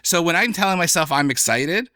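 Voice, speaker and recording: A young adult man, a comedian guest on a podcast, talking in an animated, chatty way. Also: fairly high pitch, brisk, dry recording, clean studio sound. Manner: animated, chatty, slips into playful voices for examples. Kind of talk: casual podcast conversation.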